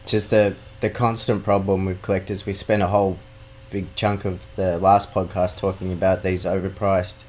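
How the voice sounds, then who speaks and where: A man's voice: sits low, flat delivery, moderate pace, darkish tone. A man co-hosting a gaming podcast, talking bluntly and swearing in casual banter. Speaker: podcast co-host. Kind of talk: casual chat.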